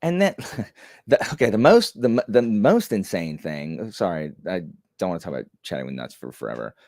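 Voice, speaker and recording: A man's voice: low voice, sing-song, normal speed, a little mellow, no room sound, studio quality. A young man chatting casually on a live stream, rambling and self-deprecating with many fillers.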